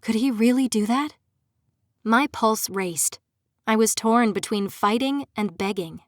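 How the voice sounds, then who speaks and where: Emotive woman narrating a dark audiobook. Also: on the high side, measured pace, no room sound, clean studio sound. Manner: emotive, pleading and desperate in dialogue. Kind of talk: first-person audiobook narration.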